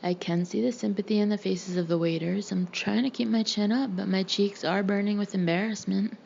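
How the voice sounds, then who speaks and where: A woman's voice: mid-range voice, fairly even intonation, fairly quick, gravelly, a little mellow, muffled recording, slight background noise. A woman reading a first-person audiobook chapter, voicing the characters lightly. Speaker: audiobook reader. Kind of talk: audiobook narration with character voices.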